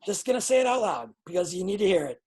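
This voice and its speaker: A woman coaching pro wrestling students in a live online class. She is blunt and excitable, swears freely, and talks over a video call. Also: medium pitch, racing, slightly rough.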